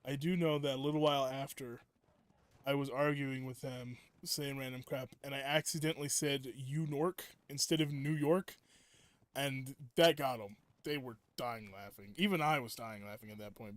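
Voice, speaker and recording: Live-streaming a game, a young man with a mid-range voice chats casually at a normal speed. His rambling stories are packed with fillers, restarts and self-interruptions, and the recording is dry.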